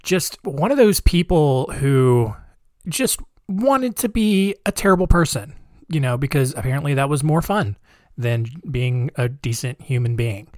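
A man's voice: mid-range voice, expressive, a little slow, a little mellow, dry recording, studio quality. A man hosting a podcast, talking in a casual, sarcastic, rambling way with joking asides. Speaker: podcast host.

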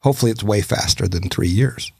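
A man's voice: fairly low pitch, fairly quick, creaky, dark tone, slightly rough, no echo, studio quality. A man hosting a podcast, talking casually with an encouraging, coach-like manner. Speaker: podcast host.

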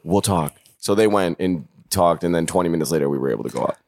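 A man's voice: low-pitched, fast, darkish tone, no echo, clean studio sound. A man telling a story in casual chat, laid-back and laughing between lines.

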